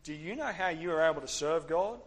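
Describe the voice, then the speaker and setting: A man with a high voice preaches in a church hall, and his words ring out with a long reverb. He moves between playful banter with his listeners and quiet, earnest passages. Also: lively intonation, brisk. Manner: playful, drops to soft earnest tones. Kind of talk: informal sermon with a youth group.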